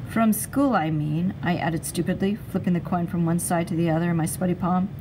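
A woman narrating a chapter book aloud in a steady, expressive storytelling voice. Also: lowish voice, fast, background noise. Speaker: reader.

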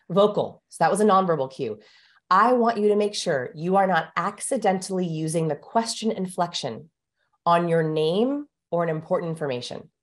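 Lower-voiced woman explaining as guest. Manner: brisk, explanatory, emphatic. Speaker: guest expert. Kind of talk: interview explanation.

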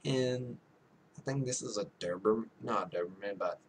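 A man casually commentating a game he is playing, soft-spoken and rambling, making fun of himself. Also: on the low side, moderate pace, slight background noise. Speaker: gaming YouTuber. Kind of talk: casual let's-play commentary.

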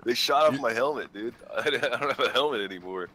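A man in casual gaming chat with friends, excitable and giggly, swearing often. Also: medium pitch, fairly quick, a little hiss or hum. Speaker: gamer.

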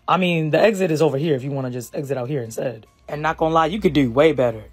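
A woman playing comic sketch parts with expressive reactions. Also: deep voice, fast talker, breathy edge, soft background music. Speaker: comedy sketch performer.

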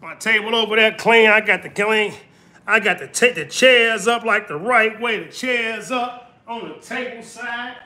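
A very high, bright-voiced man from California talks on a casual livestream, preaching and hammering the same points over and over. He is recorded on a phone held some way off in a home kitchen, so the sound is very echoey and distant. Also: a little slow. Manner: preachy, repetitive, emphatic. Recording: very echoey room, voice far off.

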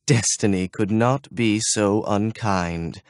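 A man's voice: on the low side, takes it slowly, no room sound, studio quality. A man voicing a hopeful, eager young man in an audiobook, speaking with reassuring energy.

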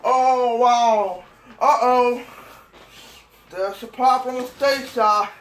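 A woman's voice: fairly high pitch, steady tone, drawn-out words, a little hiss or hum, low-quality recording. A woman making a playful home recording and switching between put-on voices.

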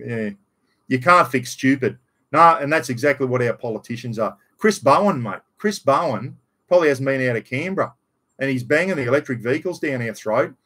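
A man's voice: medium pitch, a bit bright. A middle-aged Australian man chatting bluntly and rambling on a casual live stream, still getting over a cough. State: slight cough after illness. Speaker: livestream host.

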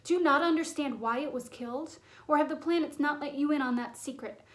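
A woman's voice: on the high side, steady tone, fairly quick, darkish tone, lightly acted. A woman reading aloud, voicing a wise, earnest young male centaur who speaks with grave urgency. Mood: fierce.

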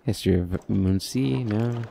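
A man's voice: on the low side, measured pace, vocal fry, noisy background. A man hosting a let's play, reading game text aloud with casual commentary and dry offhand asides.

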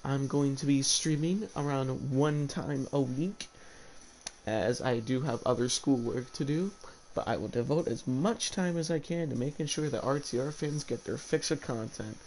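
A young man hosts a livestream and calls the action play by play at an ordinary pitch. A recent cold leaves him slightly hoarse. He talks eagerly and keeps restarting his sentences. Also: normal speed, darkish tone, slight background noise, poor audio. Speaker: host of an online wrestling league stream.

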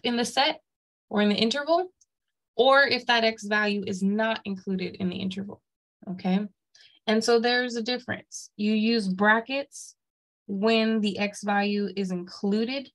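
A woman's voice: a little high, low-quality recording. Woman teaching a math class, checking in often. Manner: explains step by step, checks in with "okay?". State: has the hiccups. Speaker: math instructor. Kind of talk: classroom lecture.

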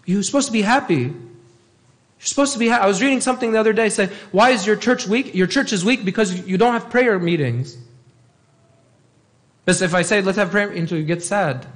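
A man, a priest giving a sermon and pressing his points by repeating them. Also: high voice. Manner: emphatic, repeats key phrases.

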